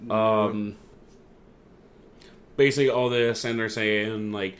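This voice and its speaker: A man in casual chat, excitedly recapping events with a co-host and acting out what others said. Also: on the low side, takes it slowly, pauses often, slight background noise. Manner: excitable storyteller, acts out quotes. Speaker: podcast co-host.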